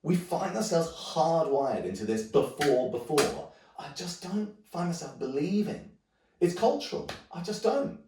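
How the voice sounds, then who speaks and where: A man's voice: a little high, sing-song, unhurried, dark tone, a little hiss or hum. A man, a hand drum teacher thinking aloud in a rambling way with many restarts. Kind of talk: musing talk to camera. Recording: roomy echo, mic at a distance.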